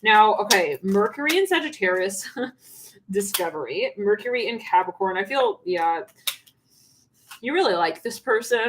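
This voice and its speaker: A woman's voice: a little high, animated, moderate pace, a little hiss or hum. A woman giving a channeled tarot reading on a livestream, rambling and laughing often. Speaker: tarot reader.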